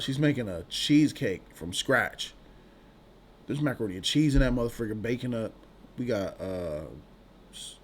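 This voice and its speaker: A man's voice: medium pitch, a little hiss or hum. A man hosting a live stream, chatting casually with viewers in loose slang and laughing often. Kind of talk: casual live-stream chat reading donations.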